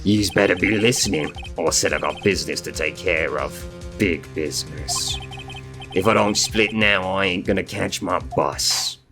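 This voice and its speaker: A man voicing a brash, loud male loan-shark gangster with a put-on Brooklyn accent and rough tough-guy slang. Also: deep voice, unhurried, music in the background. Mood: threatening.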